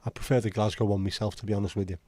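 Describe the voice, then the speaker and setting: Male livestream host, rambling and blunt, mellow low voice, dry close sound. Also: level tone, rapid-fire, no echo. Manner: rambling, chatty, blunt with occasional swearing. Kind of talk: casual livestream chat.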